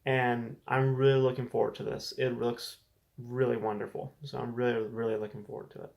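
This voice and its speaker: A man's voice: medium pitch, little pitch movement, brisk, vocal fry, darkish tone. Male host for a casual movie news show, mid-range voice, candid and talkative, prone to restarts. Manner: conversational, repeats and restarts words, frank opinions. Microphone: desk camera setup.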